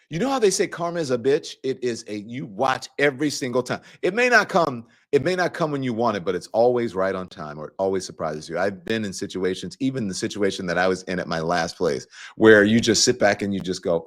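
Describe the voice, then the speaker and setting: A middle-aged man hosting a casual opinion show, talking straight to viewers in a lively, mocking way. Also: on the low side, a little fast, few pauses. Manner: animated, mocking, acts out quoted voices. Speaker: show host.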